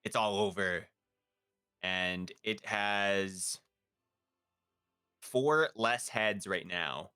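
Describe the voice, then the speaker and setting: Slow, bright-voiced male game master. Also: fairly low pitch, smooth, no echo, studio quality. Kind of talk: running a tabletop game.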